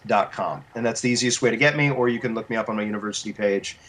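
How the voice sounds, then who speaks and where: A voice actor and coach giving advice as an interview guest, animated and explanatory, restarting his sentences often. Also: lowish voice, fast.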